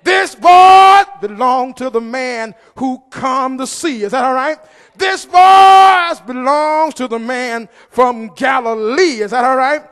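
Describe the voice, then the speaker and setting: High-voiced man shouting a sermon in a hall. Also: slow pace. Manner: shouting, half-singing, call-and-response. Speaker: preacher. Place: church. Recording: long reverb of a church hall.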